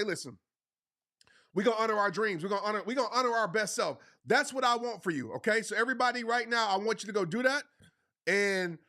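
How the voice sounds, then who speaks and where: Passionate, pushy motivational man, high bright voice. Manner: passionate, pushy, repeats phrases for emphasis; casual slang, addresses the audience as y'all. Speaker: motivational speaker hosting a livestream. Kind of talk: livestreamed motivational talk.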